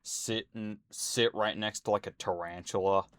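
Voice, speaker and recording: Low-voiced man ranting on his vlog. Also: fairly even intonation, measured pace, fairly bright tone, no room sound. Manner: rambling, indignant, heavy on fillers. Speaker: YouTuber. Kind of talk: casual ranting commentary. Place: at home.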